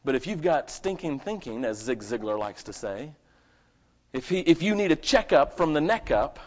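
A male pastor preaches a live sermon at a church service, his voice sitting a little high for a man. He jumps from loud, emphatic bursts to quiet asides and keeps asking the congregation rhetorical questions. The recording sounds dull and lo-fi. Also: sing-song, normal speed.

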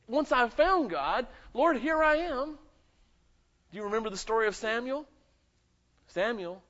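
A male pastor delivering a sermon, his fairly high voice rising to loud emphatic peaks and dropping to hushed asides. The recording sounds dull and muffled. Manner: animated preaching with dramatic swings in pitch and volume.

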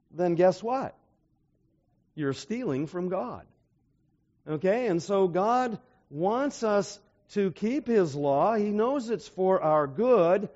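Male preacher with a high voice, emphatic, keeps asking rhetorical questions; muffled lo-fi sound. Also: a little mellow. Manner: asks the audience rhetorical questions; emphatic, retells stories with acted-out voices. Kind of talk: sermon. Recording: dull lo-fi recording.

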